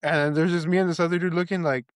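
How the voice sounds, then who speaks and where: A man on a podcast telling a casual, profane story with halting restarts. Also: a little high, steady tone, no room sound, clean studio sound. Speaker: podcast guest.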